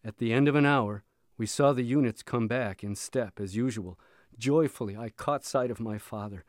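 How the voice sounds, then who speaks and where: A man reading a memoir aloud in a measured, steady storytelling voice. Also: mid-range voice, no echo, clean studio sound. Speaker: reader.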